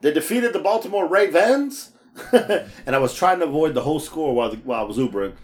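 Male co-host, rideshare storyteller, slightly high voice, laughs a lot, acts out voices. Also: expressive, a little fast. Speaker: podcast co-host; rideshare driver. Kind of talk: casual chat.

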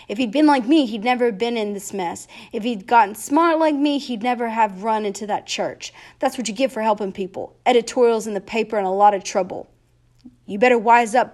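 A woman's voice: on the high side, a little mellow, lightly acted. A woman voicing a brash tough teenage gang boy.

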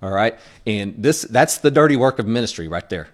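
A man's voice: on the low side, animated, fairly quick. A pastor giving a conversational sermon, earnest and plainspoken, often checking in with the congregation as he teaches. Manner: frequent checking-in asides to the congregation.

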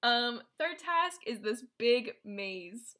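Woman w a bright voice just chatting thru a movie plot, says like a ton. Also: fairly high pitch, expressive, slow. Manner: rambling, filler-heavy storytelling with many "like"s. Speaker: co-host presenting a movie recap. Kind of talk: casual chat.

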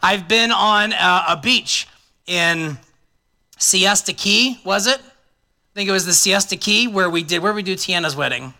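A male pastor preaching in a relaxed, conversational way, with a high voice that rings very bright and sharp. He keeps the sermon light with joking asides. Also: measured pace.

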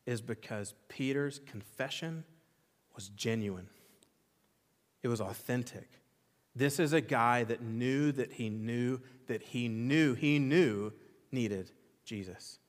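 A pastor preaching a sermon with impassioned, emphatic repetition, swinging between loud exclamations and quiet intensity. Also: male voice, mid-range voice, measured pace. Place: church sanctuary. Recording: long reverb of a large church hall.

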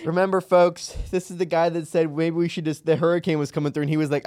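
A man hosting a podcast, chatting casually and telling stories in a rambling, animated way. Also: on the high side, quick pace, dry recording, studio quality. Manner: rambling, animated storytelling with laughs. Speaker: podcast host. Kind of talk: casual chat.

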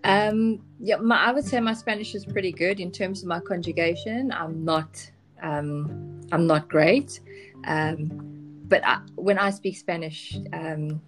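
A woman chatting as a podcast guest, candid and hesitant, with many pauses and restarts. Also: on the low side, faint music behind. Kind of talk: casual podcast chat.

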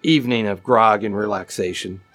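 A man narrating a tabletop game as game master, relaxed and rambling. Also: lowish voice, normal speed, faint music behind. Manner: relaxed, rambling, laughs easily.

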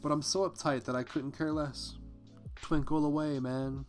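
A man's voice: on the high side, level tone, moderate pace, soft background music. A man hosting a podcast, reading a memoir aloud in a casual way and breaking off to comment on it. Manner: conversational, breaks off to comment and curse. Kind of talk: casual read-aloud with personal asides.

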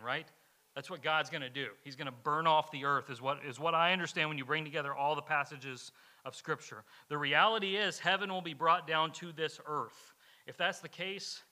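A male pastor from Kentucky delivering a conversational sermon. His voice is very bright and a bit high, and he often stumbles over repeated words.

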